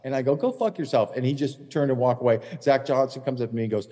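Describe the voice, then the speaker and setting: A man's voice: medium pitch, steady tone, fast talker, dark tone, big-room sound. A man co-hosting a podcast, telling a heated caddie story in blunt, profane casual chat. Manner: blunt, heated, swears constantly. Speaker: podcast co-host, former tour caddie.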